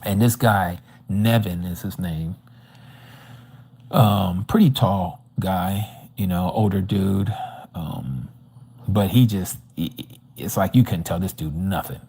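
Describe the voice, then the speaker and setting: A man's voice: low-pitched, slow pace, warm tone, slightly rough. A man giving a personal testimony at a religious study, telling his story animatedly and acting out the dialogue. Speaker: Bible study teacher. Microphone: livestream microphone.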